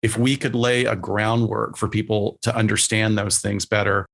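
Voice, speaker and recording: A man's voice: fairly low pitch, normal speed, vocal fry. A man who is a psychologist, talking casually as a podcast guest and acting out quotes as he explains. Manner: relaxed, plainspoken, acts out quotes.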